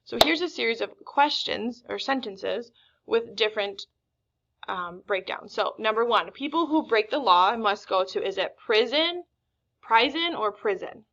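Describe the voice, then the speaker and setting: A woman teaching a recorded phonics lesson, reading words slowly and deliberately. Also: a little high, expressive, fairly bright tone, dull audio. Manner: slow, deliberate word-by-word reading.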